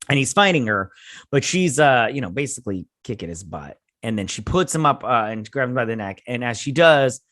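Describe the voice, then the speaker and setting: A man's voice: mid-range voice, a little fast, no echo, studio quality. A man hosting a show, casually recapping a TV episode in a rambling way, acting out the characters' lines and sounding a bit tired. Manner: rambling, animated retelling with acted-out quotes. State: tired, yawning. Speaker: host.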